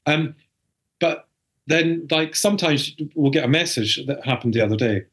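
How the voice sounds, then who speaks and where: A man's voice: fairly high pitch, moderate pace, a bit bright. A middle-aged man, a podcast guest chatting casually and acting out family conversations as he tells stories. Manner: chatty storyteller, acts out family dialogue. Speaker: podcast guest, spouse of a host. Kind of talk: casual chat.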